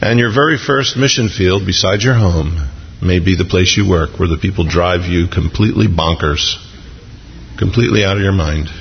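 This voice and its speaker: A man preaching a sermon as pastor, animated and jumping into excited voices when he acts out quotes. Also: low-pitched, moderate pace, creaky, big-room sound, dull audio, a little hiss or hum.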